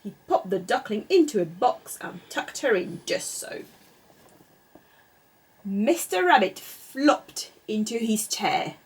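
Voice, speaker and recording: A woman reading a children's picture book aloud in an expressive, sing-song way. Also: medium pitch, slow pace, husky. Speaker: storyteller.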